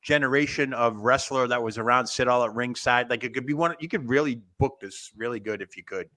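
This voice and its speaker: Man, co-host, casual panel talk, bright ringing voice, rambling, laughs a lot. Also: medium pitch. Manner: rambling, quick to laugh, thinks aloud. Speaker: co-host of a wrestling show.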